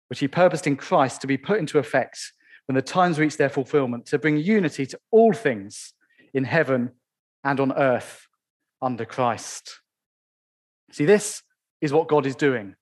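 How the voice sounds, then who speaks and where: A man preaching a sermon in church, stressing key phrases slowly and asking the congregation rhetorical questions. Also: on the high side.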